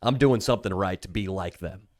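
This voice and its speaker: A man's voice: low-pitched, brisk, darkish tone, no room sound, studio quality. A man co-hosting a podcast, trading crude, sardonic, mock-grand riffs in casual banter. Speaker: podcast co-host.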